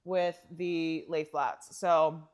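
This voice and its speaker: A woman co-hosting a podcast in casual chat, telling stories with lots of laughter and animated asides. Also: deep voice, very slow, smooth. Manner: animated storyteller, laughs often, acts out quoted lines. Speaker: podcast co-host.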